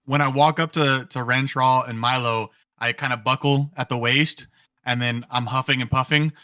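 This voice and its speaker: A man playing in a tabletop game, casual, lively and playful. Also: mid-range voice, normal speed, smooth, no echo, studio quality. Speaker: player.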